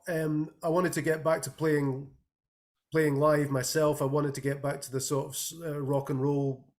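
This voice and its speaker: Thoughtful male musician on a call. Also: a little high. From Scotland. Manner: thoughtful, hesitant, many fillers. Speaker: guest musician and composer. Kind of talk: casual interview talk.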